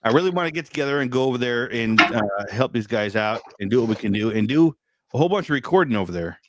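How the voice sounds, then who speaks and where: A man's voice: medium pitch, expressive, fast talker. A man co-hosting a loose podcast chat, playful and given to swearing and repeating words. A faint hiss sits under his voice. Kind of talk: casual chat.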